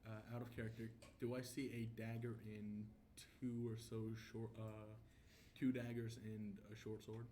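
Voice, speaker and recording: A man's voice: lowish voice, completely flat delivery, normal speed, mellow, slight background noise. A young man playing in a tabletop game, talking casually and making jokes. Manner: casual, joking, directs the party. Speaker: player.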